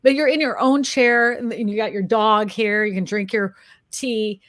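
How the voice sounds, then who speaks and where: A woman's voice: fairly high pitch, steady tone, normal speed, dry recording, clean studio sound. A woman co-hosting a casual chat, talking in a chatty, self-deprecating way and laughing often. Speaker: co-host, real estate agent and YouTuber.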